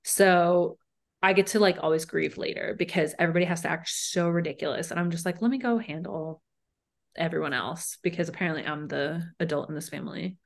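A woman's voice: on the low side, flat delivery, fast. A young woman co-hosting a podcast, telling personal stories candidly and emphatically. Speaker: podcast co-host. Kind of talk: casual chat.

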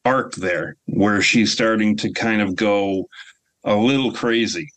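Male podcast co-host, lowish voice, thoughtful and long-winded as he explains his writing. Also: measured pace, fairly bright tone, rough recording. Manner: reflective, explains ideas at length with restarts. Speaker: series writer and podcast co-host. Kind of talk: casual podcast discussion.

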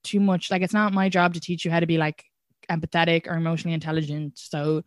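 A young Irish woman, a comedian guest, telling stories in a casual podcast chat with lively restarts. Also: fairly low pitch, fast, no room sound, studio quality. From Ireland. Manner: animated storytelling with frequent restarts and laughs.

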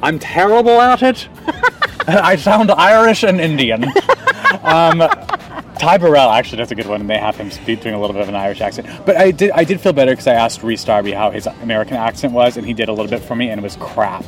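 Fast-talking man, mic set back. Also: medium pitch, far from the mic, faint music behind. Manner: chatty, laughs easily, many restarts. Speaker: actor guest. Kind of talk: casual interview chat.

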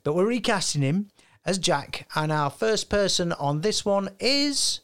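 A man hosting a casual podcast chat, jokey and quick to laugh. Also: high voice. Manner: animated, laughs often, jokey. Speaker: podcast host.

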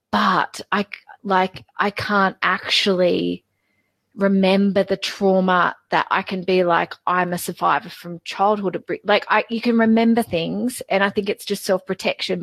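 A woman in her forties, a guest in a personal interview, speaking haltingly and repeating words as she opens up. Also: mid-range voice, steady tone, gravelly, no echo. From Australia.

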